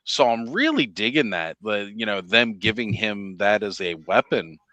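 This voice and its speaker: Man, podcast co-host, casual chat, low bright voice, dry close sound, eager and chatty. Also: very animated, normal speed, no echo. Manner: enthusiastic, chatty, many fillers.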